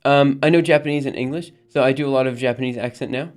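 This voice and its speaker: A man's voice: mid-range voice, fast talker, darkish tone. A man streaming live, rambling casually as he answers his chat.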